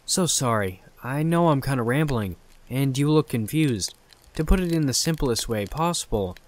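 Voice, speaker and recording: A man voicing an excitable teenage boy inventor who rambles and boasts, raising his voice to play him. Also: mid-range voice, lightly acted.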